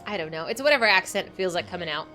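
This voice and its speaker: Young woman, streamer, playful, lively expressive pitch, faint background music. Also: rapid-fire. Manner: playful, teasing. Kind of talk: reading game story aloud and chatting.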